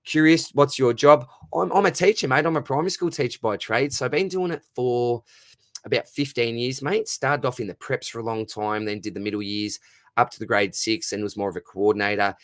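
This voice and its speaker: A man's voice: mid-range voice, brisk, dry recording, clean studio sound. Matey Australian man on a livestream. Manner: warm, matey, repeats words, says mate constantly. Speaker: livestream host answering chat. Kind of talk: casual live-stream chat.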